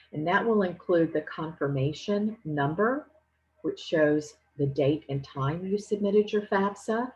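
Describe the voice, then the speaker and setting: A woman giving a financial aid presentation, explaining each step clearly and patiently. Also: on the low side, a little mellow, lo-fi sound. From Louisiana. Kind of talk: instructional presentation.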